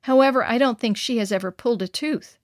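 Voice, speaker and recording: An earnest, kind preacher, read aloud by a woman. He speaks up emphatically, in a fairly high voice. The recording is close and dry. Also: fast talker, no echo, natural voice. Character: male missionary boat preacher, earnest and kind.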